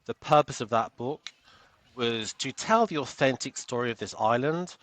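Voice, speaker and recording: A man's voice: mid-range voice, animated, moderate pace, a bit bright. A British man, a coach and author, talking earnestly as a podcast guest and often repeating words as he goes. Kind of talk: podcast interview.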